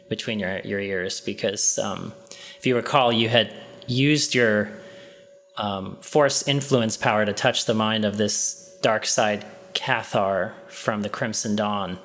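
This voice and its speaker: A man running a tabletop game as game master, narrating a scene slowly in the second person with frequent ums and restarts. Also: lowish voice, a bit bright.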